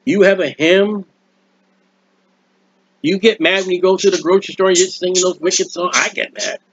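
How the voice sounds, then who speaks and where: A man preaching a sermon in an earnest, rambling way, with restarts and quiet asides, recorded at home. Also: high voice, steady tone, moderate pace, husky, highs cut off. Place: at home, birds heard nearby.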